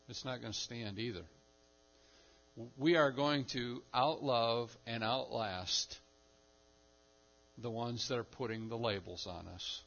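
A man preaching a sermon, moving between quiet asides and loud, stressed phrases. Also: medium pitch, vocal fry, dull audio. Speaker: pastor.

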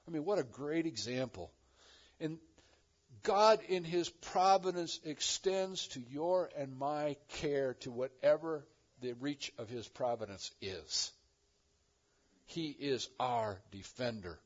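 A man's voice: fairly high pitch, animated, slow pace. Dynamic male preacher, muffled recording. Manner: dynamic preaching with big swings from loud to hushed. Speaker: pastor. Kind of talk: sermon.

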